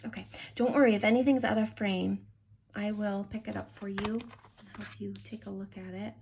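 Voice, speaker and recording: A woman's voice: medium pitch, steady tone, normal speed, gravelly, a little mellow, a little hiss or hum. A woman giving a tarot card reading to camera, talking in a gushing, affectionate way.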